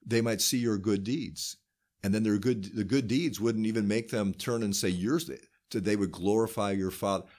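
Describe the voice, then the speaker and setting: Deep-voiced pastor guy chatting about faith, earnest, quotes scripture a lot. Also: steady tone, normal speed, darkish tone. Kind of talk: casual faith discussion.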